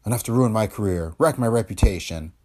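A man voicing a nervous young actress, breathy and stammering, in an audiobook of a detective story. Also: lowish voice, a little fast, a little mellow, close to an everyday voice. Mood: rueful. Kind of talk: audiobook character voice.

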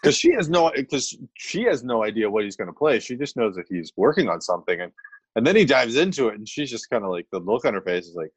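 A man co-hosting a podcast in casual chat. He talks in a relaxed way, with hesitant fillers, and laughs along. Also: mid-range voice, quick pace, slightly rough, no echo. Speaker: podcast co-host.

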